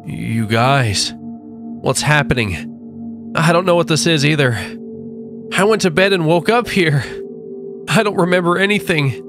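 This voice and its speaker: A man's voice: fairly high pitch, unhurried, long pauses, music in the background, voice pushed up. A man voicing an anxious man in a horror story. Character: anxious man, then steady and confident.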